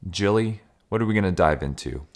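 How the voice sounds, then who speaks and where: A man's voice: low voice, expressive, a little fast. A man co-hosting a podcast in laid-back casual chat, cracking jokes and doing newscaster-style intros. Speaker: podcast co-host.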